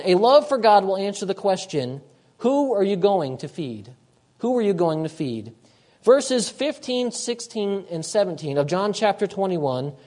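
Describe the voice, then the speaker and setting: A man preaching a sermon, emphatic, repeating his key phrases and moving between loud and hushed delivery. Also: high voice.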